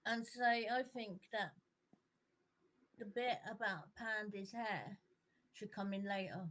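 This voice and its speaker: A woman playing a vain, self-serious band singer in improvised comedy role-play, earnest and flatly dismissive. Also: medium pitch, slow pace.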